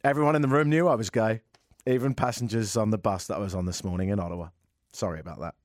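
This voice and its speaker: A man's voice: lowish voice, fast, no echo, clean studio sound. A man hosting a radio talk show, delivering a sarcastic, rambling monologue full of mocking asides. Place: radio studio. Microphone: studio microphone.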